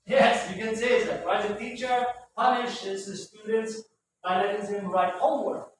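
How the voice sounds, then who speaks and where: Teaching English vocabulary, a man with a high, steady voice speaks at normal speed, explaining words patiently and repeating himself. He tags his phrases with "right?" to check in with the class, and he is recorded far from the mic in a very echoey room with faint noise.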